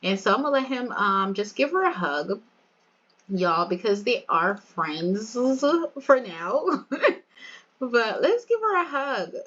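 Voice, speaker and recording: A woman's voice: a little high, sing-song, slow pace, fairly bright tone, highs cut off. A woman giving casual, chatty gameplay commentary, often laughing and talking straight to her viewers. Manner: chatty, giggly, addresses viewers. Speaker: game video creator.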